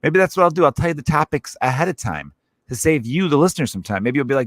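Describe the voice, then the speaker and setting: A man's voice: a little high, big pitch swings, fast talker, no room sound. A man hosting his own comedy podcast, ranting casually with lots of swearing and rambling asides. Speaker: podcast host.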